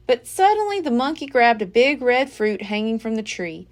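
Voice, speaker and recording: A woman reading a children's book aloud as a library storyteller, with an expressive, dramatic delivery. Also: a little high, normal speed, hardly any pauses.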